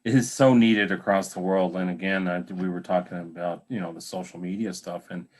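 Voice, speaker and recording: A man's voice: low-pitched, steady tone, fairly quick. A man hosting a podcast interview, chatty and encouraging, talking with fillers and restarts. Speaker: podcast host. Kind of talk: casual interview conversation.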